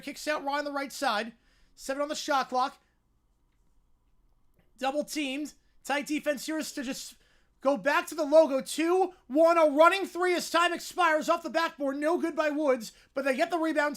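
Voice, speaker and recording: A livestream host who talks fast, calling a basketball game play by play while answering chat, and getting louder on big plays. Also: high voice. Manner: fast-talking.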